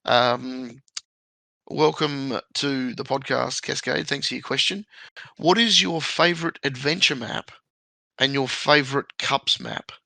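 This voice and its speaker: A man hosts a relaxed podcast chat, his voice gravelly with a bright edge. He talks freely and laughs often, close to a dry mic. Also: medium pitch, measured pace, dry recording. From Australia. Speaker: podcast host.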